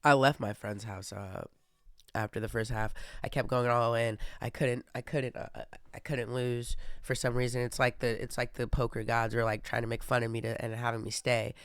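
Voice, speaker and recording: A man's voice: mid-range voice, flat delivery, moderate pace, fairly bright tone, clean tone, no room sound, studio quality. A young man hosting a casual monologue, rambling with many fillers and restarts. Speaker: podcast host.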